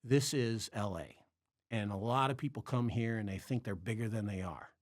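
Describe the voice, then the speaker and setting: A man from the Chicago area, a podcast guest, telling a story in casual chat. He is animated, acts out the voices of the people he quotes and swears freely. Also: fairly low pitch, moderate pace, no echo, studio quality. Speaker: podcast guest, comedy club bartender.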